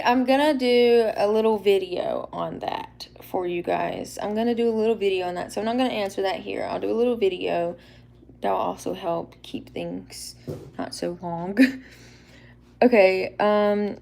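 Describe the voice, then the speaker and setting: A woman hosting a casual live Q&A, rambling and chatty and quick to laugh. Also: mid-range voice, gravelly. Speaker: livestream host.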